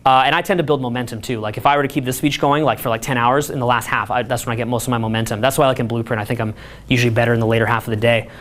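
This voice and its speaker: A man giving an energetic, rambling seminar talk full of filler words. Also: medium pitch, rapid-fire. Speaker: seminar coach. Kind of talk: casual live seminar talk.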